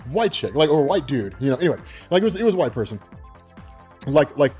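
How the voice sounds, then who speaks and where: A man in his twenties tells a personal story in a high voice that leaps up and down all the time. He is animated, laughs a lot and swears casually, with faint music under him. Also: fast, breathy edge. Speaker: vlogger.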